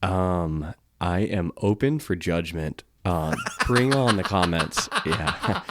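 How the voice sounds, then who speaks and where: A man's voice: sits low, very animated, drawn-out words, heavy background noise. A man co-hosting a podcast in casual chat, laid-back, swearing now and then and restarting his words. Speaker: podcast co-host.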